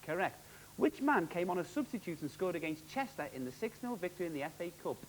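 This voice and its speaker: Male TV quizmaster, high and animated, jokey and brisk. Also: a little hiss or hum, low-quality recording. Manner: jokey, upbeat, quick quizmaster delivery. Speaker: quiz show host. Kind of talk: televised quiz hosting.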